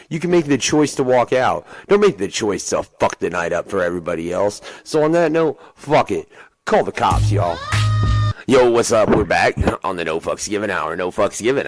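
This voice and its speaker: Low-voiced blunt male podcast host. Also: no room sound, poor audio. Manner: blunt and heavily profane. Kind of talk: casual uncensored podcast talk.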